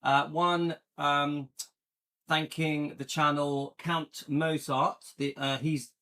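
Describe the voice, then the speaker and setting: A man's voice: fairly high pitch, little pitch movement, takes it slowly, sharp tone. A man in his fifties from Britain, hosting a casual livestream and rambling with fillers as he gets set up. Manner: rambling, searching for words. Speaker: channel host.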